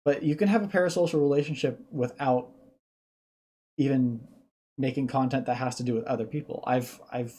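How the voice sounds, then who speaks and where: A streamer with a warm, mellow tone talks through reaction commentary in a casual, unscripted way. The voice sits at an ordinary pitch and wanders from thought to thought, stopping to explain things. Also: fairly quick. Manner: thinking aloud, musing, explaining at length.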